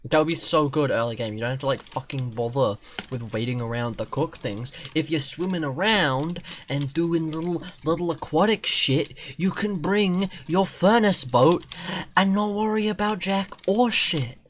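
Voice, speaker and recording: A man's voice: a little high, normal speed, slight background noise. A young man streaming a game live, rambling and joking in casual chatter, often restarting mid-sentence. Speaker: gaming streamer.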